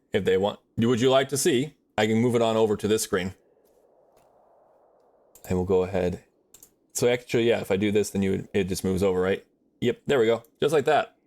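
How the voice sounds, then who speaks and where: A man's voice: on the low side, darkish tone. A man chatting casually on a livestream while drawing, rambling in a friendly way with many fillers and restarts.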